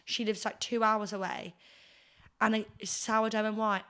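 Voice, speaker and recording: A young woman hosts a podcast while hungover and tired, her mid-range voice clear, resonant and fairly bright, though her delivery is flat and measured. She chats casually, rambling and gushing with plenty of fillers.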